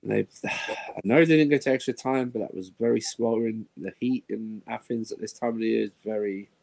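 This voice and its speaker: A man in a casual sports chat, rambling through his football predictions in a relaxed way. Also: on the low side, fairly quick, gravelly.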